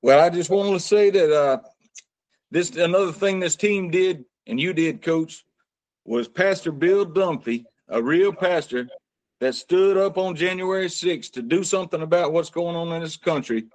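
A man speaking as a guest on a talk show, making an earnest, steady appeal with a few fillers. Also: on the high side, moderate pace.

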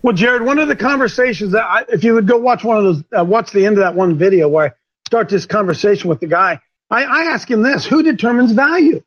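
A man's voice: high voice, expressive, quick pace, fairly bright tone. A man hosting a religious talk show, asking rhetorical questions and restarting his sentences often. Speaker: host. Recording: dull lo-fi sound.

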